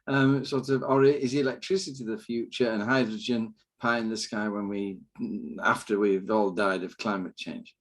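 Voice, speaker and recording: A man's voice: on the low side, fairly even intonation, moderate pace. A man hosting a political panel, informal and joking, sometimes stumbling over his words. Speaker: host.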